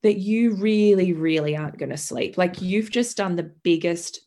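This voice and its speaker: A woman's voice: lowish voice, normal speed, dark tone. A woman in her thirties, a podcast guest, telling her story in a vivid, dramatic way with swearing and acted-out quotes. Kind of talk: candid storytelling chat.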